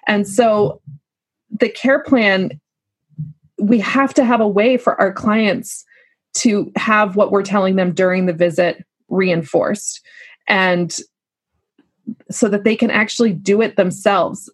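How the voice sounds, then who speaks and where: A woman's voice: mid-range voice, fairly even intonation, slow pace, pauses often, breathy edge, no echo. A woman working as a lactation consultant, talking in a casual, earnest and encouraging way. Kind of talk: casual podcast conversation.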